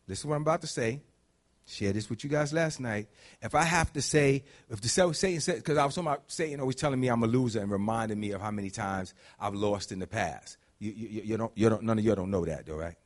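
A man preaching a conversational sermon, dropping to low murmurs and climbing to high shouts. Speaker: pastor.

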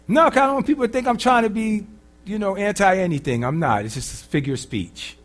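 A man preaching as a pastor, swinging from loud emphatic lines to quiet, casual, humorous asides. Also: high voice. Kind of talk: sermon.

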